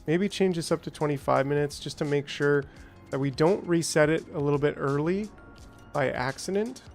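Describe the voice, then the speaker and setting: A man's voice: on the high side, moderate pace, faint music behind. A man giving casual, rambling commentary on his gameplay, chatting with viewers and now and then greeting them in playful, silly voices. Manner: chatty, reads out and answers chat, rambling asides. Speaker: gaming streamer.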